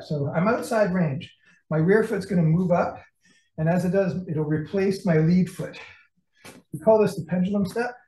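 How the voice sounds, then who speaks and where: Man, martial arts instructor, out of breath, calls out combos, high voice, distant from the mic. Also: a little mellow. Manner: calls out combinations, checks in with the class often. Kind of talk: class instruction. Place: training gym. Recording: echoey gym from far off.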